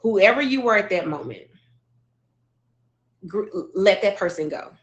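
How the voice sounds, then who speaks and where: A woman's voice: medium pitch, lively intonation, unhurried, lo-fi sound. Earnest woman telling a personal story. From Arkansas, US. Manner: earnest, emotional, with many "like" fillers and restarts. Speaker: speaker sharing a personal story.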